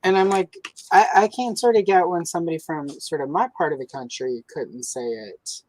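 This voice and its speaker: Low-voiced Southern woman, joking. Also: normal speed, a little mellow, dry recording, poor audio. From American South. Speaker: host. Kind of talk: casual podcast chat. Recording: dry close-miked sound.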